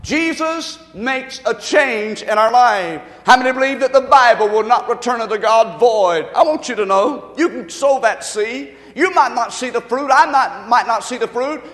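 A man's voice: very high voice, lively intonation, moderate pace, few pauses, a bit bright, long reverb tail. A man preaching a sermon as pastor, telling a folksy story with emphatic delivery.

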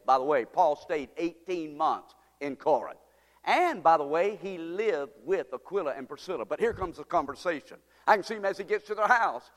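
A man preaches a sermon, moving from storytelling into impassioned appeals. His high voice swings up and down. A long reverb from the hall trails every line. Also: lively intonation, moderate pace, a bit bright. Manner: storytelling, building to impassioned exhortation.

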